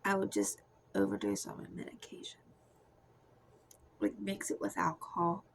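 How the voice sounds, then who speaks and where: A young woman giving a soft, confessional personal testimony that often drifts into a whisper. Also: on the low side, big pitch swings, moderate pace, creaky, a little hiss or hum, poor audio. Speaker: Christian testimony speaker.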